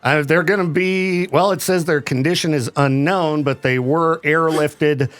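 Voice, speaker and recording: A man's voice: fairly high pitch, steady tone, unhurried, a bit bright. A man co-hosting a radio show, chatting about odd news items and laughing a lot. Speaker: radio co-host. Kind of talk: joking radio banter. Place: radio studio.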